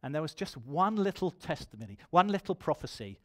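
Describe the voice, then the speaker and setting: A man's voice: fairly high pitch, sing-song, fairly quick. A man preaching a sermon in church, telling his own testimony and building to emphatic appeals.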